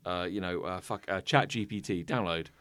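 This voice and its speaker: A man's voice: deep voice, a little fast, fairly bright tone, smooth, no echo. A man co-hosting a comedy podcast, rambling and profane, full of fillers and restarts. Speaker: podcast co-host. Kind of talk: casual comedy chat.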